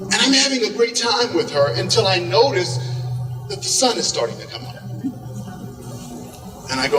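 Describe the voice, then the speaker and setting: A middle-aged man from Oklahoma telling a comic story live to an audience, animated and acting out quoted lines. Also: sits high, normal speed, long pauses, over music. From Oklahoma, USA. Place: large hall with an audience. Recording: echoey hall, far from the mic.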